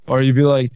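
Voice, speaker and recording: A man's voice: medium pitch, darkish tone, no echo, muffled recording. A man co-hosting a podcast, telling stories in a rambling casual way. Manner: rambling storyteller, many restarts. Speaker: podcast co-host.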